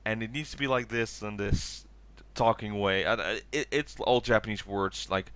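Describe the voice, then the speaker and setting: A man with a low, bright and smooth voice, recorded close and dry. He sounds tired and rambles through a recap, jumping into quoted lines with a sudden raised voice. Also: moderate pace, dry recording. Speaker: podcast co-host. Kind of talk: casual chat recapping a TV special.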